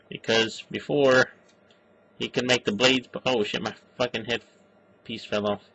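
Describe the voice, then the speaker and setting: A man giving a loose, unscripted film review. His voice is bright and forceful, and he talks slowly. He swears freely and pauses often on "uh" and "you know". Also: medium pitch, slight background noise, rough recording. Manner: profane, halting, full of fillers. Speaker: movie reviewer. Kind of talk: casual rambling chat.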